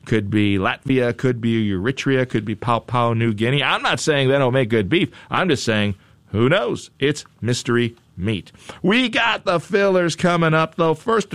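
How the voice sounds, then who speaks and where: A man's voice: mid-range voice, fairly bright tone, dry recording. Wry, chatty man hosting a news show. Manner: chatty, wry, repeats phrases for emphasis. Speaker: radio show host. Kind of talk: casual news chat.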